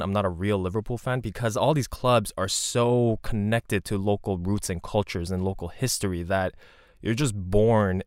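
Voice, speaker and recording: A man's voice: on the low side, no room sound, studio quality. A man from Canada giving a rambling, conversational monologue with frequent asides and restarts. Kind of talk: casual monologue.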